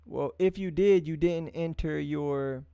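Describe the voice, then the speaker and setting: A man with a high voice hosts a casual livestream reviewing music, talking to chat. His tone is dark and smooth with some vocal fry, recorded without echo. He's loose and repetitive, restarting lines and drawing out hums, and addresses viewers in an encouraging, street-casual way.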